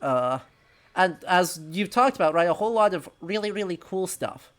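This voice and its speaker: Animated man hosting a livestream. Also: sits high, normal speed. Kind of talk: casual livestream chat.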